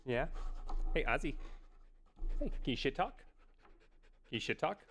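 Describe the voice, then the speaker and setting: A man's voice: mid-range voice, very animated, measured pace, fairly bright tone, a little hiss or hum. A man on a casual live stream at home, playfully chatting with his dog and reading aloud into a desk microphone, laughing often.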